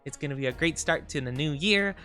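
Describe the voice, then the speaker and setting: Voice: mid-range voice, quick pace, pushed and bright. Giggly streamer chatting with viewers. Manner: bubbly, giggly, playful, rambling with many fillers. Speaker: VTuber streamer. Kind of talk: casual livestream chat with viewers.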